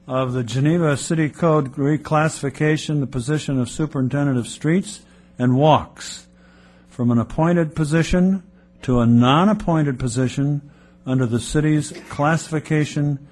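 Brisk man chairing a meeting. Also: mid-range voice, a little mellow. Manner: brisk, reads agenda items aloud. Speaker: committee chairman. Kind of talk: formal meeting procedure.

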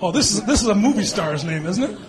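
A man in his fifties or sixties, a mayor teasing children at a public meeting with quick jokes and frequent laughs. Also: sits high, expressive. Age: born 1964, 50s or 60s. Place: meeting hall with an audience. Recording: crowd noise behind. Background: crowd.

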